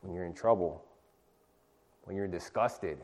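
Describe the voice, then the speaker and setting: A man's voice: sits low, unhurried. A middle-aged man leading an informal sermon and Bible study, calling on listeners to read verses aloud and talking with many restarts.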